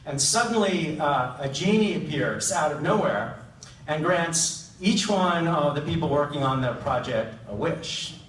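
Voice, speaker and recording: A man's voice: fairly high pitch, expressive, measured pace, a bit bright, a little hiss or hum. Hesitant middle-aged man, roomy hall. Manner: hesitant, many ums, self-deprecating humor. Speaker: award recipient giving an acceptance speech. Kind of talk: acceptance speech with a joke. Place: large event hall. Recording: roomy hall, distant mic, faint ambience.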